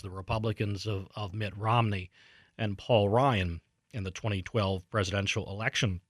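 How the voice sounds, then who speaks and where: A man's voice: mid-range voice, fairly bright tone, no echo, clean studio sound. A man hosting a political talk show, giving an indignant, emphatic commentary monologue with frequent fillers and restarts.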